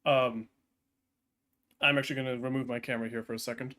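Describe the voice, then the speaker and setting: Man, casual stream chat, hesitant, filler-heavy, medium pitch. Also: level tone, fast talker, noisy background. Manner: chatty, hesitant with many ums and restarts.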